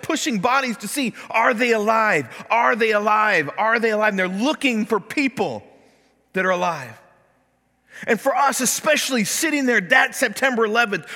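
In a church sanctuary with a long reverb tail, a pastor with an extremely high, pushed, bright voice preaches a sermon. He tells a story and acts out the voices of the people in it when quoting them.

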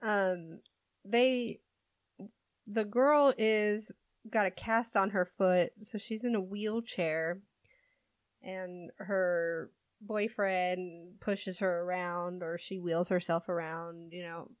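A woman's voice: lowish voice, steady tone, slow, no room sound. A young woman who works in a store, telling work stories in a casual chat, swearing casually and laughing often. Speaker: store clerk.

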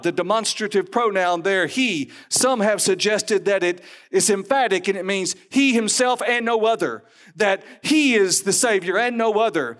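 A man's voice: high-pitched, a bit bright. A man preaching a sermon to a congregation, emphatic and teacherly, with sarcastic asides.

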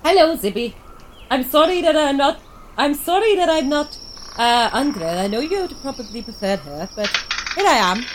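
A woman's voice: high-pitched, animated, normal speed, slight background noise, rough recording. A woman playing a chatty Liverpool-accented mentor. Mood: apologetic. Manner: rambling, hesitant, giggly. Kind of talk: in-character tabletop role-play.

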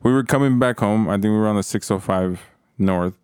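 A man's voice: on the low side, a little fast, a little mellow, smooth, dry recording, clean studio sound. A young man telling a long, rambling story in casual chat with friends, swearing often and restarting his sentences.

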